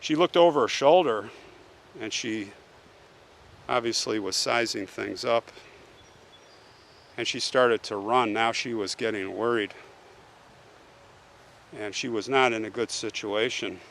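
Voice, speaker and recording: This true crime show host has a low-leaning, creaky, somewhat bright voice and takes his time, leaving long pauses. He recounts the case casually and conversationally, often asking the listener "right?" A little hiss or hum runs through the audio.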